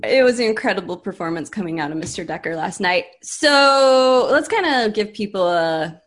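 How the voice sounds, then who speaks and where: A woman co-hosting a casual talk show, wry and teasing. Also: lowish voice. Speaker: podcast co-host. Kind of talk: casual chat.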